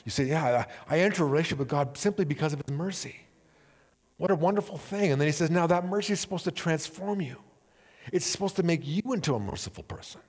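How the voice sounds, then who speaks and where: A man preaching a sermon, telling a parable with animated storytelling and acting out the characters' voices. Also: fast talker, long reverb tail. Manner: animated storytelling, acting out characters with big swings in pitch and volume. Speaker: pastor.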